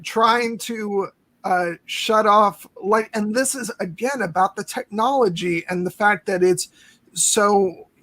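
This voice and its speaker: A man with a high voice hosts a relaxed movie podcast. He rambles through his thoughts, stopping and restarting often as ideas come to him. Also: takes it slowly. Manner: rambling with many restarts and fillers. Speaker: podcast host. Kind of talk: casual film discussion.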